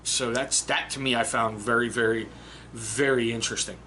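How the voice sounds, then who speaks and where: A man talks through a book in a blunt, casual way, swearing now and then. His voice is bright and forward. Faint background noise sits under the recording. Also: mid-range voice, fairly even intonation, moderate pace. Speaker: book reviewer. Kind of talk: casual spoken book review.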